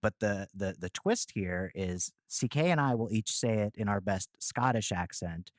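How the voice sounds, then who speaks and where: A man's voice: fairly low pitch, lively intonation, normal speed, no room sound, clean studio sound. A man co-hosting an interview show, upbeat and chatty, often repeating words as he goes. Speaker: podcast co-host. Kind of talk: casual interview chat.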